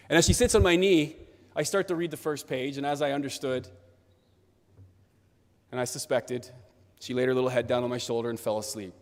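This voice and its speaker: Guy in his 30s telling a lively story to graduates, big echoey hall. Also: mid-range voice. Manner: animated storytelling, acts out a child's voice. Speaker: convocation speaker. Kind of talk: storytelling speech. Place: large convocation hall. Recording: long hall reverb.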